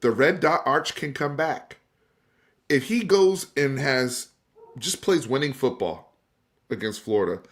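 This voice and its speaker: On his live stream, a male sports talk host argues casually but emphatically, talking straight to the audience. His medium-pitched voice is a bit bright and a little slow, and words get repeated and restarted as he builds steam.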